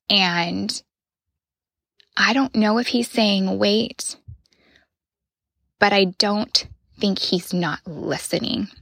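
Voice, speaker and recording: A woman in her thirties hosting a podcast, sharing a personal reflection in an earnest voice that often drops to a soft whisper. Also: mid-range voice, husky, dry recording. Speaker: podcast host.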